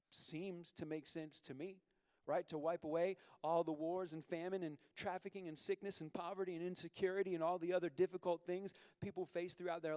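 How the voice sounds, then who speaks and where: A man preaching a sermon as pastor, candid and conversational, moving from quiet confession to loud bursts. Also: fairly high pitch, dry recording, studio quality, long reverb tail.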